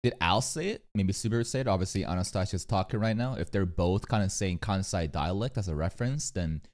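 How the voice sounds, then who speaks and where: A man reacting to a video with casual commentary, animated and profane, rambling with many fillers. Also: deep voice, a little fast. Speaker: reaction streamer.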